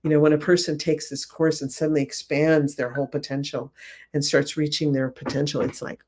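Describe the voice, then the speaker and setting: A middle-aged woman, a remote viewing instructor, telling stories in a casual interview with enthusiasm, softly acting out quotes. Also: low-pitched, normal speed. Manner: enthusiastic, animated retelling with soft acted quotes.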